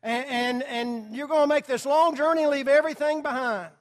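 A preacher voicing a mocking ancient neighbor who fires off incredulous questions. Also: male voice, very high voice, fairly even intonation, a little fast, pitched above the performer's own voice. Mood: scoffing. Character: scoffing nosy neighbor man of ancient times.

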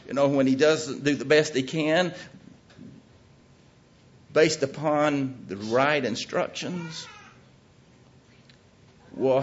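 Emphatic folksy male preacher, muffled. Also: mid-range voice. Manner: folksy, emphatic, rising to loud peaks. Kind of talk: sermon. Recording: muffled lo-fi recording.

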